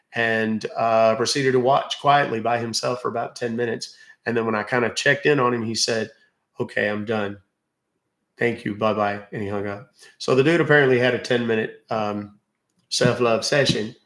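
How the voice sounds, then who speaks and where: A man with a Southern American drawl talks loosely to his livestream viewers, thanking them and wandering through stories with plenty of fillers. His voice sits at an ordinary middle pitch. The room around him adds a noticeable echo. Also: a bit bright. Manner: chatty, drawling, many fillers. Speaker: livestream host. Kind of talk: casual livestream chat reading comments.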